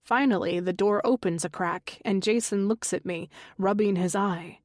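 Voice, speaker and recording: A woman reads a first-person thriller audiobook at an unhurried pace, her voice sitting in a middle register. She is recorded on a close studio mic in a dry, dead space with no echo. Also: mid-range voice, steady tone. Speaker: audiobook narrator.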